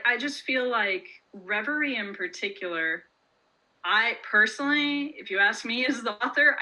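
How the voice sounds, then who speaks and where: A woman's voice: medium pitch, sharp tone, low-quality recording. A woman author chatting in an interview, casual and talkative, with frequent "like" and "um" and easy laughter. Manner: chatty, lots of "like" and "um", laughs often. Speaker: author guest.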